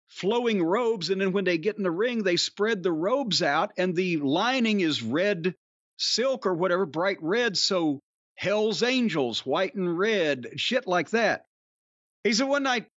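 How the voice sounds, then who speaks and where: High-voiced profane storytelling man. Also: dry recording, lo-fi sound. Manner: profane, rambling, animated anecdotes with restarts. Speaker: podcast co-host telling wrestling stories. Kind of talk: casual storytelling chat.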